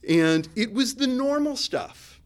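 A man preaching a sermon in a conversational, searching way, often restarting his sentences. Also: takes it slowly. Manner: conversational, searching, with restarts and lively swings in pitch and loudness. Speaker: pastor.

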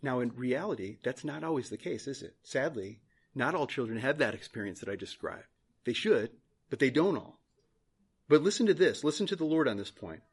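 A man's voice: mid-range voice, expressive, fairly quick, husky. A male pastor preaching a sermon in church, earnest, repeating phrases for emphasis.

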